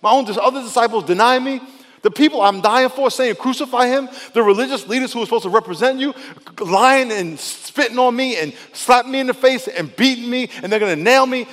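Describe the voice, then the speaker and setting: A man's voice: extremely high pitch, brisk, a bit bright, long reverb tail, voice pushed up. A man voicing Jesus as a grown man pleading in anguished prayer, his voice raised and strained.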